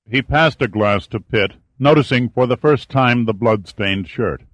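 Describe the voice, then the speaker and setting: A man narrating a novel in a steady, even storytelling manner. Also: mid-range voice, measured pace, few pauses, dry recording. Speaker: audiobook narrator. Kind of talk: scripted narration.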